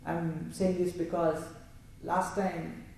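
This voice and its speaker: A man's voice: on the high side, flat delivery, slow pace, vocal fry, a little mellow, recorded from a distance, a little hiss or hum. Man giving an echoey scripture talk. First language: Telugu. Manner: explanatory, recites Sanskrit verses. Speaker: religious storyteller. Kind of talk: scripture discourse.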